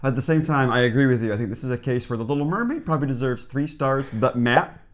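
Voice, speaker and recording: A man's voice: medium pitch, lively intonation, fast talker. A man co-hosting a casual reaction chat, tossing in dry, wry quips. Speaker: co-host.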